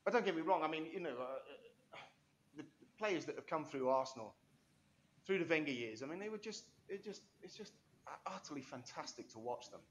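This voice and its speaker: A man's voice: on the high side, animated, brisk, dull audio, slight background noise. A man, an interview guest telling rambling, enthusiastic stories full of restarts and asides. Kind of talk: animated storytelling interview.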